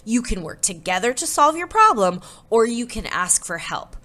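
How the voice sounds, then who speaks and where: A woman's voice: on the high side, very animated, normal speed, bright, forceful tone, voice pushed up. A woman voicing a big male beetle in a storybook, emphatic and helpful. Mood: firm.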